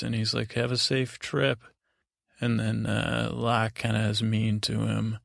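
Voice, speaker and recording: Low gravelly man rambling sleepily. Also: flat delivery, a bit bright, no room sound, clean studio sound. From United States. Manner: meandering, halting, many restarts and fillers; paraphrases scenes in casual voices. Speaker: podcast host.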